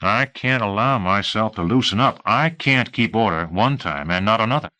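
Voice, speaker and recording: A man's voice: on the low side, animated, normal speed, sharp tone, no echo, rough recording. A man voicing a stubborn, middle-aged male police chief who speaks firmly. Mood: resolute. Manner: firm, resolute.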